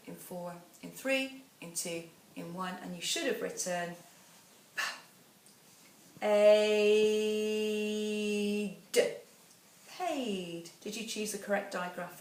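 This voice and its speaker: A woman teacher giving a phonics dictation lesson, counting down and sounding out words slowly and patiently. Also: fairly low pitch, a bit bright. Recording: echoey room, voice a bit far from the mic, faint background noise.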